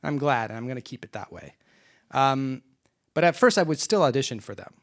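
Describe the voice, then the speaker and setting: Man, panel moderator, reflective, hesitant, mid pitch. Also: fairly quick. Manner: relaxed, reflective, hesitant with fillers. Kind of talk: panel discussion.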